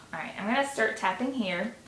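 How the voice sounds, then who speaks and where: A woman guiding a tapping session, coaching gently and sighing between slow repeat-after-me phrases. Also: medium pitch. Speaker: tapping guide. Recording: echoey room with faint noise.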